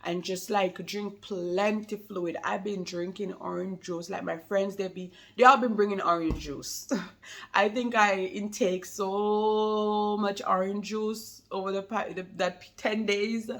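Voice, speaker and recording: A woman's voice: medium pitch, fairly even intonation, a little slow. A woman chatting casually to camera about being a new mother, rambling and laughing often, with a slight lingering cold.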